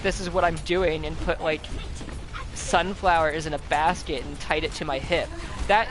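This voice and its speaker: A young man chatting casually while gaming, telling animated stories with a lot of swearing and acted-out quotes. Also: high-pitched, moderate pace, a little hiss or hum, low-quality recording. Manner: animated storyteller, swears often, acts out quotes. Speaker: host. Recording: game music playing loudly behind.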